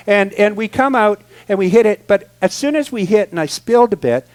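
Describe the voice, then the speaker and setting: A man with a high-pitched voice tells a funny personal story to a congregation as a guest speaker. His delivery is animated and expressive, rising to excited outbursts and dropping to quiet, confiding asides. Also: a little fast, few pauses, clean tone. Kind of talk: humorous storytelling talk.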